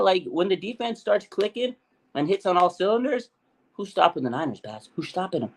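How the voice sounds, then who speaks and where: A man co-hosting a sports talk show, chatting excitedly and acting out quotes with big swings in his voice. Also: high-pitched, fairly quick. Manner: animated, hyped, acts out quotes. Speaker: podcast co-host. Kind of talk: excited casual sports chat.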